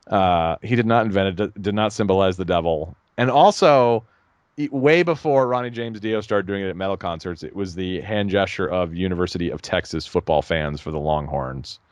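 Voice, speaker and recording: A man co-hosting a podcast, chatting casually in a rambling, animated way and laughing at his own jokes. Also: low-pitched, normal speed, no echo. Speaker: podcast co-host. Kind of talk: casual chat.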